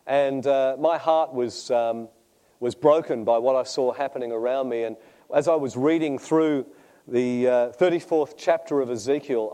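A man's voice: mid-range voice, dark tone. A middle-aged man with an Australian accent, a pastor preaching a sermon and telling his own story in a conversational, self-deprecating way. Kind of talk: sermon with personal testimony.

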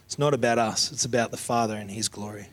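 A man's voice: on the low side, fast talker. Man preaching, middle-aged, heartfelt and prayerful, homely country tone. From Australia. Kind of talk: sermon.

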